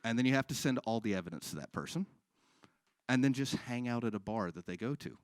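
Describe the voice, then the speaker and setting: A man doing stand-up on a live stage, with deadpan delivery and frequent crowd work. His pitch moves a lot, rising and dropping within each bit. The sound is dry and close. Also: quick pace, dry recording. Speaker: stand-up comedian. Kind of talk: stand-up comedy set.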